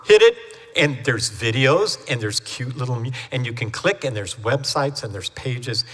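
A man's voice: medium pitch, expressive, moderate pace, fairly bright tone, breathy edge. A man preaching a sermon as the family pastor, chatty and storytelling, acting out quoted voices as he goes. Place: church sanctuary. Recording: long hall reverb from a church sanctuary.

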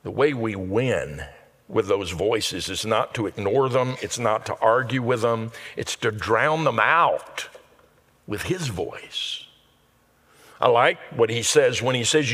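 A male pastor delivering a sermon in an earnest preaching manner that builds to loud, emphatic peaks. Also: mid-range voice, measured pace. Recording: long reverb of a large hall.

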